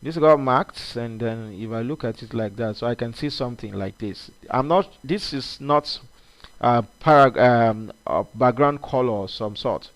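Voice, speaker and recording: A man talks through a screen-recorded coding lesson, circling back on his words with plenty of fillers and restarts. His voice sits at an ordinary middle pitch, and the delivery is loose and unscripted. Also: moderate pace. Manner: rambling, many fillers and restarts. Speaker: coding instructor.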